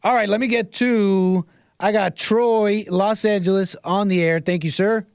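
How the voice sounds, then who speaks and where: A man hosting a live call-in show, talking in an animated, jokey way and laughing at his own jokes. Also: high voice, unhurried, clean tone, dry recording, studio quality.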